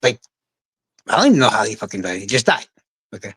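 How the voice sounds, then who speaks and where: A man's voice: fairly low pitch, very animated, fast talker, a bit bright, breathy edge, low-quality recording. A man chatting casually on a livestream, rambling and swearing as he gets worked up.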